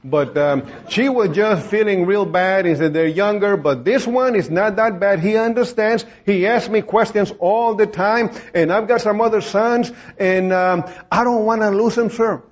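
A man's voice: high-pitched, a little slow, few pauses. A man preaching a sermon as a storytelling testimony, acting out the voices of the people he quotes and laughing as he goes. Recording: dull lo-fi recording.

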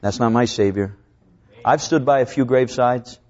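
A man preaching a sermon, reading scripture slowly and swinging between raised, urgent lines and low, hushed ones. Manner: preaching with dramatic rises and drops; slows down to draw out scripture quotes. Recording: dull lo-fi recording.

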